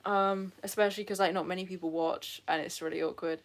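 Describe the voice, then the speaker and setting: A woman's voice: on the low side, steady tone, a little fast. A young woman from England with a British accent, chatting casually and self-deprecatingly on a live stream from her sofa at home, laughing often as she reads the chat. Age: young adult.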